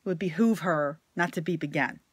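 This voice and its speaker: A woman's voice: sits low, fairly quick, husky, no room sound. Fed-up woman ranting, dry close sound. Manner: angry, blunt, swears often, swings from loud to quiet. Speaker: vlogger. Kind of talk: profane ranting monologue to camera.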